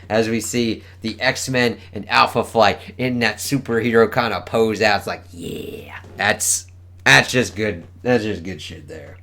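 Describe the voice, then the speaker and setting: A man's voice: lowish voice, unhurried, vocal fry, bright, forceful tone. A man casually reviewing a comic book, enthusiastic and swearing often as he reads panel dialogue aloud.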